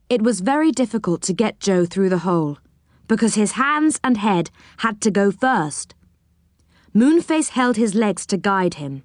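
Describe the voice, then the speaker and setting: A woman reading a children's storybook aloud, expressive and dropping her voice for each speech tag. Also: mid-range voice, unhurried, no room sound, studio quality.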